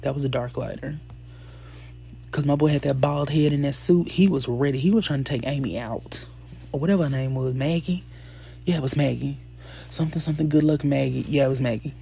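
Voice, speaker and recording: Brief: male live-stream host, mid-pitch, gravelly edge, chatty and loose with chat. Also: a little mellow. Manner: chatty, reads and answers chat comments aloud. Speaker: livestream host.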